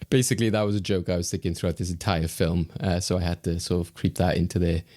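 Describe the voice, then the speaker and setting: A man's voice: deep voice, steady tone, fast, darkish tone. A man hosting a film podcast in casual chat, joking, laughing often and rambling with fillers. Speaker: podcast host.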